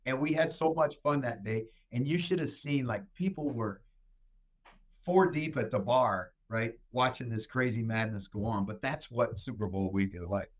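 A man hosting a casual show, telling stories in an animated way and tagging his lines with "right?". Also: mid-range voice, normal speed. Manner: animated storyteller who tags lines with "right?". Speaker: show host answering listener questions. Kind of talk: casual storytelling chat.

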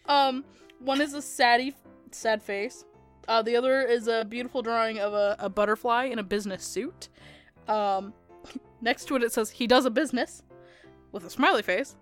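Giggly high-voiced woman reading aloud. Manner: giggly, reads with frequent laughter. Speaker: podcast co-host reading her own story. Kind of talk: casual comedic reading.

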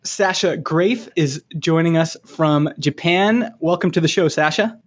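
A man's voice: on the high side, measured pace, slightly rough, dull audio. A man hosting a podcast, upbeat and easy to laugh, in a casual interview. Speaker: podcast host.

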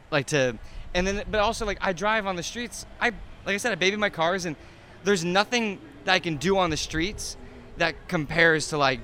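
A man's voice: fairly high pitch, pushed and bright, a little hiss or hum. A man in his thirties, an interview guest chatting casually about his cars, rambling with lots of fillers and restarts.

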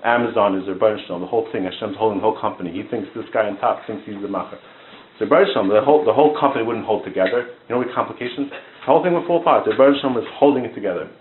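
A man teaching a religious lesson, animated and repetitive, dropping Yiddish and Hebrew terms into his talk. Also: lowish voice, very fast, slight background noise. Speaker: Torah teacher giving a shiur. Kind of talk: lecture. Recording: phone-like, echoey room.

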